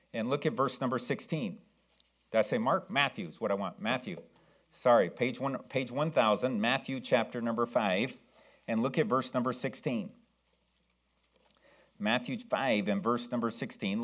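A man preaching a sermon as pastor, slowing down to read verses aloud and calling on the congregation to answer. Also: medium pitch, a bit bright. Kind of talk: sermon with scripture reading.

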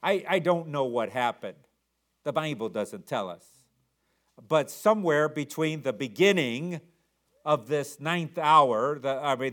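A man preaching a sermon, reading King James scripture and repeating words as he builds each point. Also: a little high. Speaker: pastor.

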